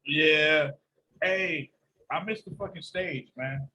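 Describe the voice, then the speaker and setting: A man's voice: fairly high pitch, slow, poor audio. A man hosting a casual podcast, telling stories animatedly with lots of swearing. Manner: animated storytelling, heavy profanity. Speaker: podcast host.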